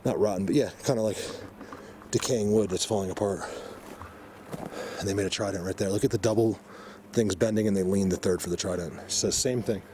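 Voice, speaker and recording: A man hosting an outdoor vlog, rambling excitedly with many fillers as he walks through a mountain forest. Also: lowish voice, a little fast, background noise. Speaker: vlog host exploring the outdoors. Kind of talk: casual walking vlog commentary.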